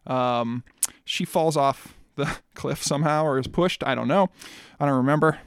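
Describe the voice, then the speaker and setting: Gravelly higher-voiced man telling a rambling story. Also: normal speed, no echo, studio quality. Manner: profane, loose storytelling with many fillers and restarts. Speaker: podcast co-host. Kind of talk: casual chat, rambling plot retelling.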